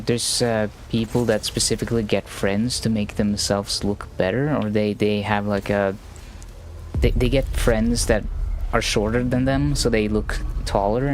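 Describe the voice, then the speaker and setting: A man streaming a game live, chatting in a slow, monotone, rambling way with many restarts. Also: lowish voice, noisy background. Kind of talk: casual live-stream chat while gaming.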